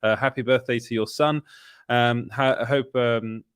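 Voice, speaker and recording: A man's voice: medium pitch, fairly even intonation, unhurried, clean tone, dry recording, clean studio sound. Upbeat man hosting a live stream. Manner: upbeat, greets chat viewers, chatty with fillers. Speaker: host. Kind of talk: casual live-stream chat.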